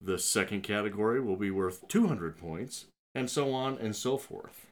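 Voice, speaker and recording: A man's voice: fairly low pitch, moderate pace. A man hosting a crude mock game show on a podcast, swinging into theatrical announcer tones.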